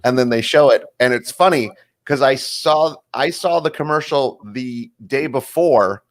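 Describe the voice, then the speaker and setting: A man co-hosting a casual chat, telling stories with lively energy and acting out the quotes in them. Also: mid-range voice, measured pace. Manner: animated storyteller, acts out quotes. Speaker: show co-host.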